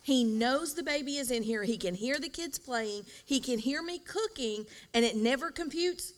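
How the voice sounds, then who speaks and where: A woman co-hosting a podcast, talking about marriage in an animated, emphatic way and laughing often. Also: high voice, moderate pace. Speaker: podcast co-host, pastor's wife. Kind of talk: casual marriage advice chat.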